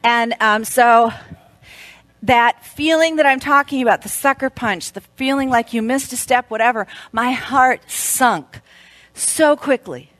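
A woman in her fifties speaking at a women's church event, telling a story in an animated way and laughing often. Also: on the high side, measured pace, dry recording.

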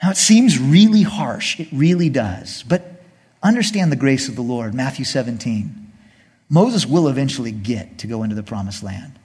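A male pastor preaching a sermon to a congregation in an animated way, acting out the people and God as he goes. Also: mid-range voice, moderate pace, slightly rough, in a large hall.

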